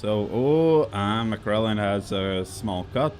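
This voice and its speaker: Slow, low-voiced man streaming a racing game. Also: slight background noise. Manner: relaxed, rambling, many fillers and restarts. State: coughing now and then. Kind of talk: casual live-stream commentary.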